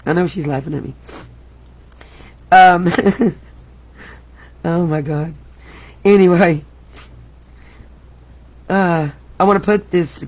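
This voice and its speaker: A middle-aged woman hosting a live craft tutorial, chatty and exclamatory, often laughing at herself. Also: on the low side. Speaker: crafting host.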